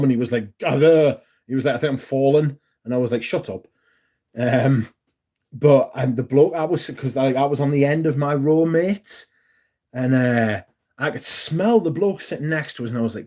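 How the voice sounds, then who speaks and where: A man's voice: mid-range voice, dark tone. A man, chatting casually and rambling on a livestream, answering viewers and swearing now and then. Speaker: livestream host. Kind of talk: casual chat.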